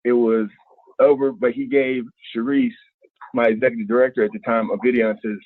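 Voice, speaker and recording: This animated guest, an Ohio native who used to play basketball, tells casual stories fairly quickly in colloquial slang. Acting out quotes, he leaps high and low in pitch, and the dry, close audio has a narrow, phone-like tinniness with no room around it.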